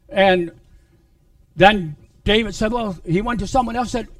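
A man preaching a sermon, retelling a Bible story in a halting way with many restarts. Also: high-pitched, no room sound, recorded from a distance.

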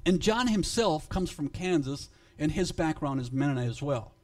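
A man preaching a sermon to his congregation, emphatic and swinging in loudness, halting and repeating words when he speaks off the cuff. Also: fairly high pitch, lively intonation. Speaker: pastor.

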